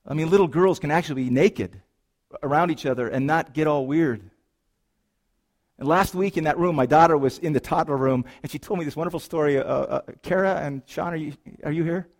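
A middle-aged man as a pastor, preaching a sermon in a church, moving between lively storytelling and hushed, earnest reflection. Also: on the high side, brisk. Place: church sanctuary.

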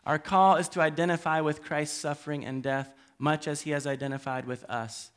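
Earnest male pastor, fairly high-pitched voice, halting sermon delivery that pleads with the congregation. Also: steady tone, a bit bright, smooth. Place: church hall.

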